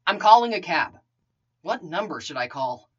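A woman voicing a stern, protective young man who speaks firmly and low. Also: sing-song, normal speed, breathy edge, highs cut off, exaggerated voice. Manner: firm, bossy, low and quiet.

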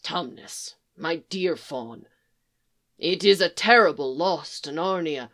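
A woman voicing a kindly, patient old male beaver in a storybook reading, with a gentle, soothing, often breathy delivery. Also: fairly low pitch, expressive, takes it slowly.

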